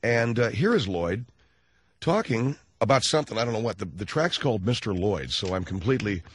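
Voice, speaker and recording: A man hosting a call-in radio talk show, joking loosely and laughing easily, hoarse from laryngitis. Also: fairly low pitch, animated, brisk, slight background noise.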